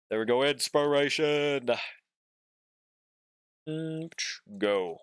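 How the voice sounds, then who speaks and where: Sleepy and yawning, a young man streams a game, speaking at a moderate pace with long pauses in a medium-pitched, slightly bright voice. He drawls casually, swears often, and reads and responds to chat. The audio is dry and studio quality.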